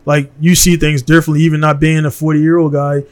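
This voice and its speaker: A blunt, worked-up man from Baltimore talks in a slightly higher than usual voice. He hosts a relaxed podcast conversation in a studio and keeps dropping "man" into his sentences. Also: fairly quick. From Baltimore, USA. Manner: blunt and heated, peppers speech with "man".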